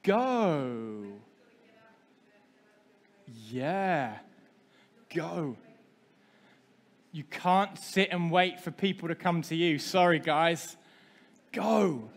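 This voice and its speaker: High-voiced pastor in a hall. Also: male voice, lively intonation, very slow, pauses often. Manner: interactive, asks the congregation questions. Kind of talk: sermon. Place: church hall. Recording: long hall reverb.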